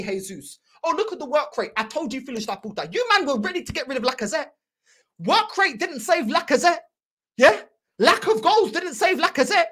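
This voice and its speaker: A woman's voice: high voice, a bit bright. A young woman, hosting a football fan channel and ranting angrily, mocking and repeating herself. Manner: heated, mocking, repetitive ranting. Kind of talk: angry fan reaction rant.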